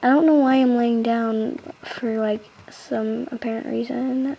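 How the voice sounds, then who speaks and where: A woman's voice: on the high side, steady tone, unhurried, creaky, dark tone, a little hiss or hum, low-quality recording. A young woman casually commenting on her gameplay, chatty and giggly, easily startled, into a close computer mic. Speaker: gaming channel host.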